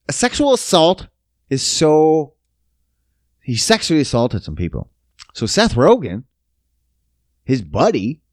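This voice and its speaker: A man rants in a casual, rambling way, swearing often and turning sarcastic. His pitch moves a lot. The recording is dry and close. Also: smooth, dry recording. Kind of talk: casual rant.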